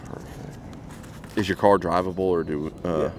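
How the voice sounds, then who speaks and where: A man's voice: sits low, steady tone, unhurried, a little mellow, slight background noise. A male police officer narrating calls and questioning a driver in a laid-back, matter-of-fact way. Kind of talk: casual on-duty narration and questioning.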